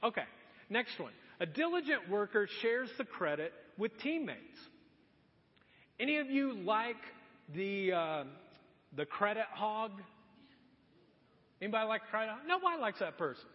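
High-voiced preaching man in a hall. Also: measured pace, pauses often. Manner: animated, conversational preaching with acted-out quotes. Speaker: pastor. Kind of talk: sermon. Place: church sanctuary. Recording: muffled sound with long hall reverb.

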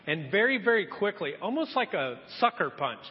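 Very animated and high-voiced, with a breathy edge, this male pastor moves at a moderate pace through a sermon. He narrates a story and acts out the people in it, and the church hall recording comes through muffled and heavily reverberant.

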